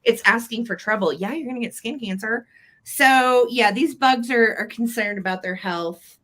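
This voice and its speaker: A woman's voice: a little high, moderate pace, a bit bright. A woman hosting a casual vintage live sale, giggling as she reads a children's book aloud. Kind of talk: casual live-stream selling chat.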